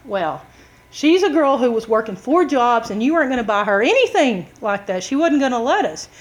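A woman preaching a sermon, telling a story with lively drama and acted-out shouts. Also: on the high side, normal speed.

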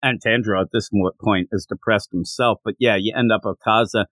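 A man's voice: on the low side, fairly even intonation, a little fast, fairly bright tone, no echo. A man co-hosting a podcast, chatting casually as he recaps a manga chapter and slips into character voices while retelling it. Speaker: podcast co-host.

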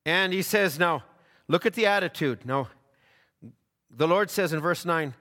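A man's voice: fairly high pitch, measured pace, bright, forceful tone, long reverb tail. A man preaching a sermon in a fervent way, often stumbling over restarts and repeated words.

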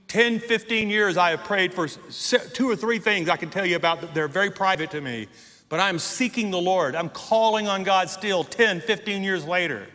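Middle-aged male pastor, high voice, emphatic sermon delivery, big church reverb. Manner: emphatic preaching, drawn-out stressed words, rising to shouts. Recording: long hall reverb in a church.

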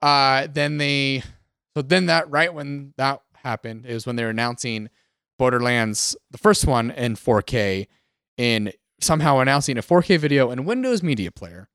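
Lively storytelling man with a smooth voice. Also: mid-range voice, moderate pace, no echo, studio quality. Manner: animated storyteller, acts out quotes. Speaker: podcast co-host. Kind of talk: casual gaming chat.

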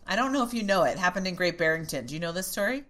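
Middle-aged woman, podcast guest, animated storyteller, bright tone, swings widely in pitch. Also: rapid-fire. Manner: animated, swearing, acts out her younger self. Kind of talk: casual storytelling.

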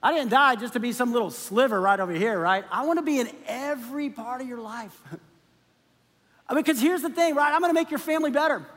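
An earnest, loving savior pleads and makes emphatic promises, as a man acts him out within a sermon. The voice is very high, and a long hall reverb trails each phrase. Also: brisk, fairly bright tone.

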